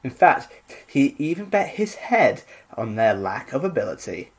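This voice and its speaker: A man co-hosts a casual podcast, his voice swinging lively between high and low. He reads old myths and breaks off to joke with his co-host. He keeps it loose and animated. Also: measured pace, husky. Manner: animated, joking, mock voices. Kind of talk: casual chat and reading myths.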